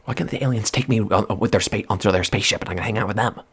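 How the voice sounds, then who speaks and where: Soft-spoken man rambling at a microphone. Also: lowish voice, very fast, slightly rough. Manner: rambling, swings from soft murmurs to excited outbursts. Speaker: vlogger. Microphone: close microphone.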